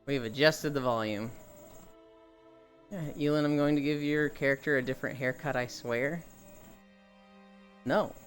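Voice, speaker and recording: A live streamer walking on a treadmill while chatting casually with viewers, telling animated stories and swearing freely. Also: medium pitch, moderate pace, pauses often, faint music behind.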